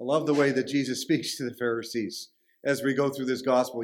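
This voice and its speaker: A man's voice: mid-range voice, steady tone, a little fast. A man preaching a sermon, emphatic and repeating phrases for stress.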